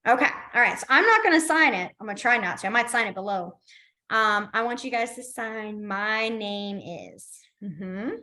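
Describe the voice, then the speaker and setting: A young woman leads a beginners' class in an easy, casual way. She sounds upbeat and encouraging, with plenty of fillers, and her voice sits a little high. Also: expressive, normal speed, pushed and bright. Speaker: sign language teacher. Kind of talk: casual online class instruction.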